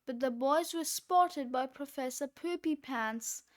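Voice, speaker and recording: A woman reading a children's book aloud, with expressive, deliberate narration. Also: sits high. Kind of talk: read-aloud storybook narration.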